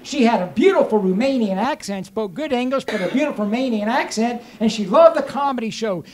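A man's voice: extremely high pitch, slight background noise. A man doing a stand-up comedy set on a cruise ship stage, telling stories with mock-earnest asides and punchlines. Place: cruise ship show lounge. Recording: echoey live show room. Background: audience laughter.

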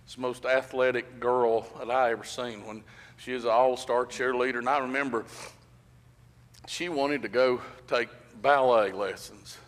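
Middle-aged preacher, folksy storyteller who builds to emphatic points, mid-pitched, long church echo. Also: male voice, fairly even intonation, normal speed. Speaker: pastor. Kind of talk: sermon. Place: church sanctuary.

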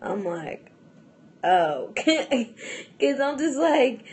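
A woman's voice: medium pitch, takes it slowly, a little mellow. A young adult woman vlogging in a casual, rambling chat to camera, full of fillers and restarts and often breaking into laughs.

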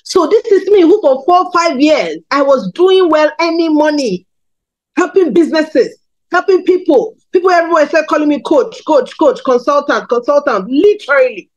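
Woman, 30s, from Nigeria, preacher, candid storytelling, slightly high voice. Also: normal speed, lo-fi sound. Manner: candid storytelling, animated pitch swings. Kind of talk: sermon testimony.

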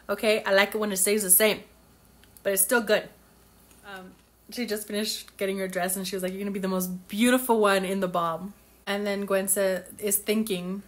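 A woman's voice: mid-range voice, fairly bright tone. A young woman chatting casually as she recaps a novel for her book club, gushing and acting out characters' lines.

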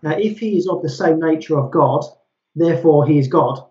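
A man's voice: fairly high pitch, a little fast, darkish tone. A man debating, methodically citing scripture verse by verse to make his case. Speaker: Christian debater. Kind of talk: street debate argument. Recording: echoey, dull lo-fi sound.

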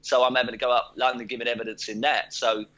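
A man in his fifties talks as a podcast guest, his voice bright and forceful. He tells stories in a jokey, chatty way and laughs easily. The audio is dull and lo-fi. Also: medium pitch, little pitch movement, fast talker. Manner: jokey, laughs often, does voices in anecdotes. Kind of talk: casual storytelling.

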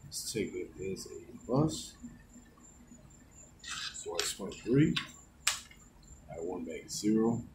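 A man's voice: deep voice, animated, slow, pauses often, background noise. A man casually narrating as he scratches a lottery ticket, calling out numbers one at a time in an easygoing way.

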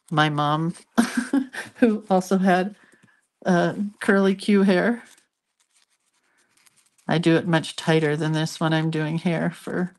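An older woman with a slightly low voice chats and giggles easily with her viewers while she draws. She's a hand-lettering artist hosting a casual live stream, telling little family stories and wandering off into asides.

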